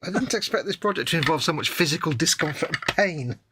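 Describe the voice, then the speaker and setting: A man's voice: a little high, animated, quick pace. A British man chatting casually and mocking himself as he struggles with a model kit on a live stream. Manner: self-mocking, muttering while fiddling with parts. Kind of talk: casual chat while building a model. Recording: loud background noise, keyboard clicks.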